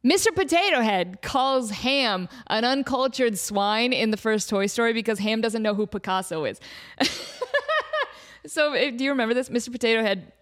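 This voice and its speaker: This comedy podcast host has a slightly high voice and speaks at a normal pace. She's animated as she rambles through a silly invented story, laughing frequently and performing bits with silly voices.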